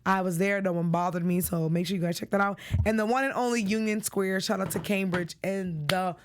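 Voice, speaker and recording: A young woman from the Boston area with a Boston accent, hosting a solo TV recap show in a chatty, excitable way, full of shout-outs. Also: mid-range voice, brisk. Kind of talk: casual chatty episode recap.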